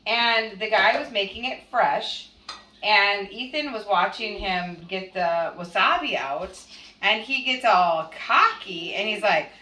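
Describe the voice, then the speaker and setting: A woman's voice: mid-range voice, animated, takes it slowly, pushed and bright. A woman, a mother, chatting casually as she tells a family story and acts out what others said. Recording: echoey room, voice from a distance, faint noise.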